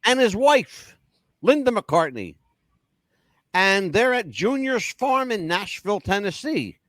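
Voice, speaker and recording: A man hosting a casual talk-radio show, telling stories with animated, crude and profane patter. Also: sits high, slow, no room sound. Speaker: radio host.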